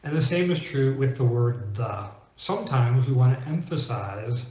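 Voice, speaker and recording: A man teaching English pronunciation in a clear, deliberate way, slowing down to stress example words. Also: mid-range voice, animated, dark tone, roomy sound. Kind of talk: scripted teaching monologue.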